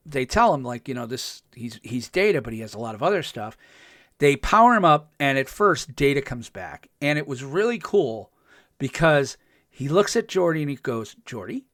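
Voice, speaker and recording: A man's voice: on the high side, sing-song, normal speed, a bit bright, dry recording, clean studio sound. A man co-hosting a podcast, casually recapping a TV episode with lots of fillers and enthusiasm. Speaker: podcast co-host.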